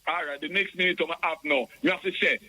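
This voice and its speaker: A man's voice: on the high side, fairly even intonation, quick pace, sharp tone, low-quality recording. A man with a Jamaican accent calling in to a radio show, rambling and stammering over repeated words. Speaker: caller. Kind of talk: call-in radio chat.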